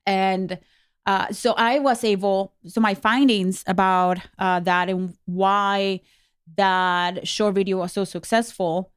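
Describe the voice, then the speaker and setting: A woman's voice: medium pitch, fairly even intonation, slow, clean tone, dry recording, studio quality. A woman whose first language is Spanish, co-hosting a podcast in casual, candid chat, with fillers and restarts. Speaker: podcast co-host.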